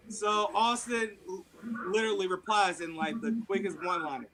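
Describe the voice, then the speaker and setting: A man co-hosting a podcast, telling a story in casual, animated chat with plenty of swearing. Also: sits high, normal speed, crowd noise, rough recording. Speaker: podcast co-host.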